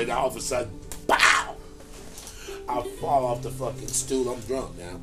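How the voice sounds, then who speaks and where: A man co-hosting a casual chat, telling a comic story in an animated, profane way. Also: medium pitch, normal speed, over loud music. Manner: animated, profane, acts out voices. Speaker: channel co-host.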